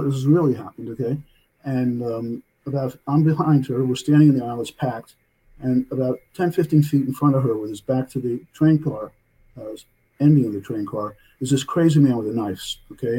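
An older man tells a story in a loose, rambling way and checks in with "okay?" after nearly every point. His voice is husky and mellow. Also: medium pitch, rough recording. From United States. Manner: rambling, tags many sentences with "okay?". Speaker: author, interview guest. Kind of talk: casual storytelling in an interview.

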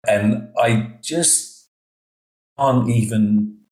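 A man, an education consultant telling stories in a podcast interview, animated and acting out the dialogue. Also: fairly low pitch, normal speed, reverberant, poor audio. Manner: animated, emotional storytelling, acts out quoted dialogue.

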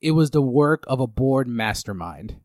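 A man's voice: medium pitch, lively intonation, normal speed, darkish tone, dry recording. Dry-voiced rambling podcast host man. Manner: rambling, lots of fillers and restarts. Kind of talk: casual chat and movie recap.

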